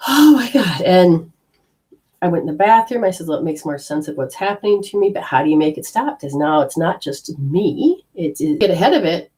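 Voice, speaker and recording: A middle-aged woman from Australia telling a personal story in a casual way, acting out her own inner voices with sudden jumps in pitch. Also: lively intonation, fairly quick, few pauses, dark tone. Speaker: energy healing teacher.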